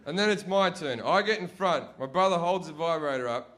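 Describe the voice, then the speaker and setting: A man's voice: on the high side, fairly quick. A young man doing profane stand-up storytelling, acting out his family's voices. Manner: profane, animated, acts out family members' voices. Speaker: stand-up comedian. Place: comedy stage before a live audience.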